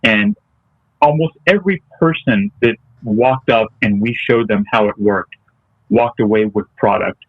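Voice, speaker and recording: A man's voice: mid-range voice, a little slow, vocal fry, no echo. A man giving an interview as a guest in casual chat, talking hesitantly with frequent ums and restarts. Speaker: interview guest, detailing business owner. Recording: tinny, phone-like remote call audio.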